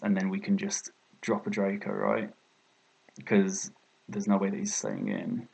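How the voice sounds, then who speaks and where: A man's voice: on the low side, vocal fry, a little mellow, breathy edge. A young British man commentating his own competitive game match, thinking aloud and often exclaiming at his own mistakes. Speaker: gaming video creator.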